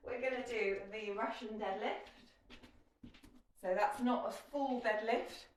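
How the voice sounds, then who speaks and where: A woman's voice: on the high side, steady tone, a little slow, slight background noise. A woman leading a kettlebell workout as fitness instructor, giving chatty, encouraging cues. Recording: echoey room, mic at a distance.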